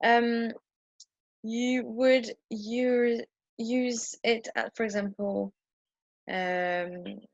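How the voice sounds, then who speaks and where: A woman's voice: a little high, steady tone, extremely slow, creaky, dry recording, highs cut off. A woman teaching a French grammar lesson at a whiteboard, explaining patiently with frequent ums and restarts. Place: indoor room with a whiteboard.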